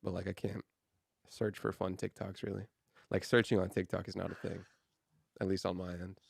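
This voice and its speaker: A young man with a low, gravelly voice co-hosting a podcast and rambling through his thoughts in a laid-back way. He leans on "dude" and "like" a lot, and the sound is dry and close. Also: level tone, moderate pace, dry recording. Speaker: podcast co-host. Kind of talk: casual chat.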